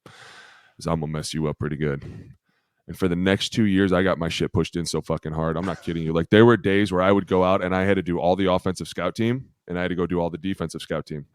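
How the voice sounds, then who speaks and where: A former lineman in his thirties tells his story on a podcast, his low voice rich and clean. He swears casually and rambles from one detail to the next, close to a dry studio mic. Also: steady tone, fast, few pauses, clean tone, no room sound. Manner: profane, blunt, rambling anecdotes.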